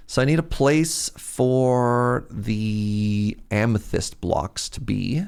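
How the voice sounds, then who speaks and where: Slow, gravelly game streamer man. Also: fairly low pitch, a little mellow. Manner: chatty, reads chat messages aloud and reacts. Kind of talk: casual livestream chat while playing.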